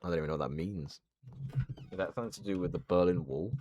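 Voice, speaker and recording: A man's voice: low voice, quick pace, warm tone, no room sound. A man with a southern English accent chatting casually and bantering with mock indignation on a gaming livestream. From southern England. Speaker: streamer. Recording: dry close mic with faint game music.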